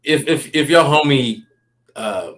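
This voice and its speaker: A man's voice: mid-range voice, animated, slow pace, fairly bright tone. A man, a comedian, telling stories in a casual, rambling interview and checking in with "you know what I mean" often. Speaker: comedian guest. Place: Los Angeles.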